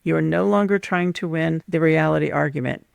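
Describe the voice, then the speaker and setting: Gravelly-voiced woman teaching calmly. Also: deep voice, no room sound, clean studio sound. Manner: calm, measured, instructive, lays out numbered points. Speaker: host. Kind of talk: scripted teaching monologue on relationships.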